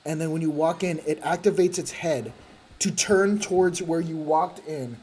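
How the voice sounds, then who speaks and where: A man's voice: a little high, moderate pace, a little mellow, a little hiss or hum. A man streaming a game, telling a rambling, profane story with frequent laughs. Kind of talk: casual gaming chat.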